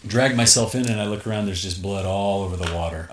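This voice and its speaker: His voice sitting low and his pace quick, a middle-aged man acts as a guest in an informal tipi interview. He narrates a personal experience and plays out scenes with gasps and exclamations, captured with roomy echo and faint noise.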